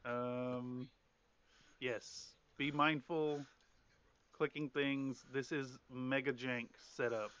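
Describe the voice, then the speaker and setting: Man, game master, bright forward voice, casual, hesitant fillers. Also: mid-range voice, level tone, extremely slow, a little hiss or hum. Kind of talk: running a streamed tabletop game.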